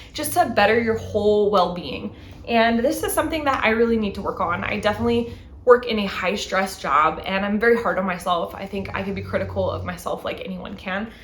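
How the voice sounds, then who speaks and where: A woman's voice: mid-range voice, fairly bright tone, reverberant, slight background noise. A woman in her thirties hosting a book haul vlog, chatting eagerly about each new book. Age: 30s. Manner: enthusiastic, talks through each book and reads back covers. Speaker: book channel host.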